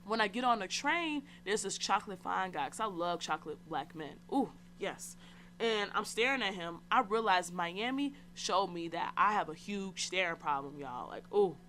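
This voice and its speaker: A young woman hosts her own podcast and tells a personal story in an easy, slangy way, speaking to her listeners like friends. Her pitch sits in an ordinary middle range. A faint hiss runs under her voice. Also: lively intonation, normal speed, a bit bright. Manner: chatty, slangy, candid, addresses listeners directly. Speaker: podcast host. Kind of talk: casual solo storytelling.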